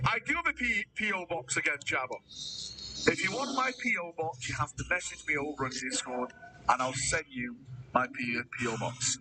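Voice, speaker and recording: A man's voice: fairly high pitch, lively intonation, a little fast, far from the mic, background noise. A man chatting casually on a livestream, answering viewers, calling them mate and swearing freely. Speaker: livestreamer reading chat.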